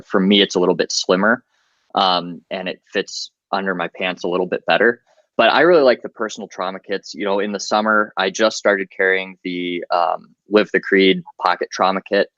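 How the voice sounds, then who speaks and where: A man talks through his medical gear in a relaxed, practical way and leans on plenty of fillers. His voice sits a little low. The recording is dull and lo-fi with a dry, close sound. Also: no room sound. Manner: practical, chatty, many fillers. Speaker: guest medic. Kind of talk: casual podcast interview.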